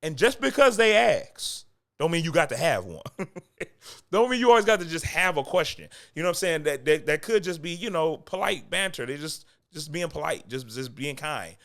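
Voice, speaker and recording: His fairly high, fairly bright voice has a sing-song lilt and a moderate pace as he coaches acting in a casual talk. He's close to the mic, conversational, repeating points for emphasis with chuckles in between.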